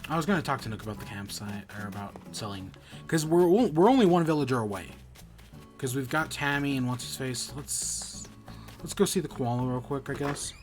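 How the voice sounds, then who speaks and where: A man's voice: mid-range voice, animated, fairly quick, soft background music. A man streaming a video game, chatting casually in rambling, self-correcting bursts. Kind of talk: casual gameplay commentary.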